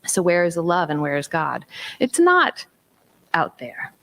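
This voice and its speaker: A woman's voice: lowish voice, wildly swooping pitch, measured pace, a bit bright. A woman giving a spiritual talk, telling personal stories with emphatic whispers and acted-out dialogue. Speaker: minister and special ed teacher.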